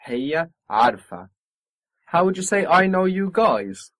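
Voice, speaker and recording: A man's voice: fairly high pitch, very animated, a bit bright, no echo. Man, language teacher, patient, encouraging, dry close sound. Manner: patient, encouraging, models pronunciation slowly. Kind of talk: spoken language lesson.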